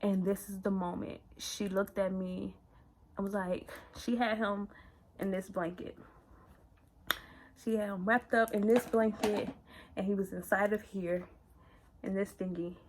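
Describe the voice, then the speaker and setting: A young woman vlogger telling a personal story candidly in casual slang, often sinking to a hushed, near-whispered voice. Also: mid-range voice, fairly even intonation, unhurried, pauses often, slight background noise, rough recording.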